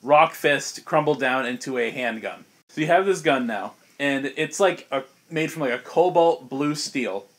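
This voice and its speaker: A young man runs a tabletop game for his friends in a loose, chatty way. His voice sits at an ordinary middle pitch, and he laughs easily between rules and narration. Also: lively intonation. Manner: casual, laughs often, quick voice snippets for monsters. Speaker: game master.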